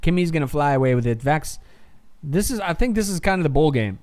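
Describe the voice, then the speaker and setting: Guy doing a live race watchalong, kinda high clean voice, swearing and ranting at the screen. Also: animated, fairly quick, a little mellow. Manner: heated, profane ranting that swings to muttering. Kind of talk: live reaction commentary.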